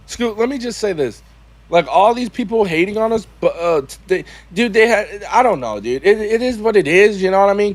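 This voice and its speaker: A man with a high voice chats casually on a livestream. He rambles, stops and restarts his sentences as he searches for words. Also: no echo. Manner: halting, rambling, with false starts. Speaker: co-host of a livestream show.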